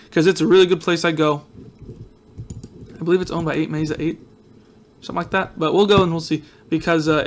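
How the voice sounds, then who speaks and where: A man hosting a casual let's-play video, rambling and joking with viewers, his voice a little groggy from just waking up. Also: on the high side. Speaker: gaming video host.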